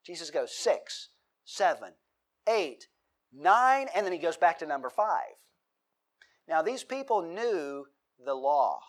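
A middle-aged man preaches a sermon, reading scripture aloud and then stopping to question his congregation. His voice sits slightly higher than most men's. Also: very animated, slow. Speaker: pastor.

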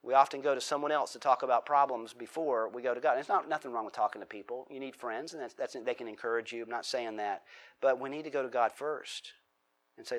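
A man's voice: medium pitch, fast talker. A man preaching a sermon as a pastor, talking casually, asking the congregation questions and acting out heartfelt prayers.

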